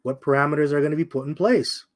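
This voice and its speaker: Blunt streetwise man preaching. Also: a little high. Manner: streetwise, confrontational, addresses listeners as "man"; repeats points, slows down for emphasis. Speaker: bible teacher. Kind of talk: informal scripture commentary.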